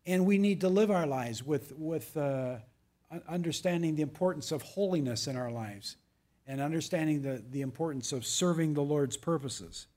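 Man, pastor, sermon, slightly high voice, emphatic readings, casual asides. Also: moderate pace, darkish tone. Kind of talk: verse-by-verse sermon.

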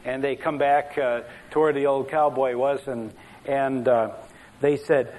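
A man's voice: medium pitch, flat delivery, measured pace, a little mellow, poor audio. A man telling jokes as a pastor at the start of a sermon, in a folksy, rambling way, chuckling at his own stories.

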